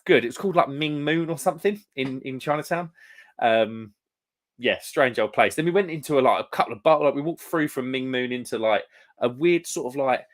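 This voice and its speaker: A young man from England hosting a live stream, chatting casually and reading out comments, with a rambling manner full of "mate" and "um". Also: mid-range voice.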